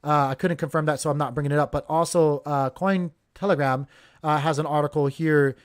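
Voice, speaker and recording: Male crypto host, slightly high voice, loose chatty market talk full of fillers. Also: steady tone, fairly quick. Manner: chatty, filler-heavy, addresses viewers as you guys. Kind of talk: casual market commentary stream.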